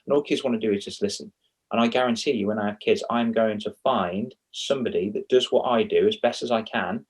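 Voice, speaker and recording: A man with a low, husky voice talks through a casual interview. He is a children's confidence coach, and he rambles animatedly from point to point, often poking fun at himself. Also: fairly quick. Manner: animated and rambling, with self-mocking asides.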